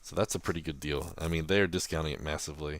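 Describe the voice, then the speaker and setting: New Zealand man, very low voice, dry close sound, casual podcast co-host. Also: fairly even intonation, fast, dry recording. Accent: New Zealand, softened toward American. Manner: chatty, laughs often, many fillers.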